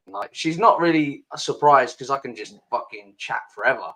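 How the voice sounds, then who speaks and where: A man's voice: mid-range voice, a little fast, hardly any pauses, a bit bright, rough recording. A man hosting a podcast as a casual chat, talking freely and swearing a lot. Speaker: podcast host. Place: home, sitting with laptop.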